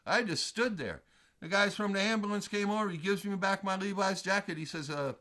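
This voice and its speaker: A man's voice: high voice, normal speed, sharp tone. A male show host telling a rambling personal story in a casual, salty way and swearing freely.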